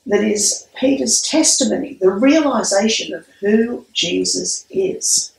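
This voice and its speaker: Lady priest giving a sermon, kinda high voice, slow storyteller pace. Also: vocal fry. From Australia. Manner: measured, storytelling delivery. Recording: echoey room, mic at a distance.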